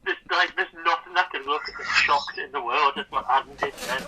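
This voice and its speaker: A man's voice: on the high side, a little fast, bright, forceful tone, slight background noise, poor audio. A man telling a crude story on a casual podcast, laughing as he talks. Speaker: podcast guest. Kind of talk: casual podcast chat over a call.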